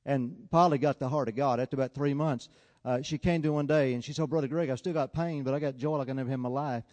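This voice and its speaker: A man preaching a sermon, telling a story and swinging between loud, urgent appeals and quiet, hushed passages. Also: medium pitch, steady tone, quick pace, big-room sound.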